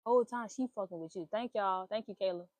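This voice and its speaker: A young woman hosting a casual talk stream, giving blunt, profane relationship advice in an animated rant. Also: medium pitch, quick pace, dry recording. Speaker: host.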